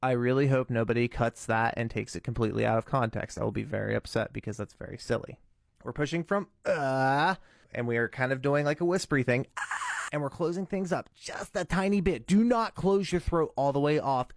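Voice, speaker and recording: A man's voice: medium pitch, a little fast, creaky, no room sound, studio quality. A man giving a casual step-by-step tutorial, earnest and cautious in how he explains. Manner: earnest, cautious, breaks into demo screams and whispers. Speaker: vocal tutorial maker.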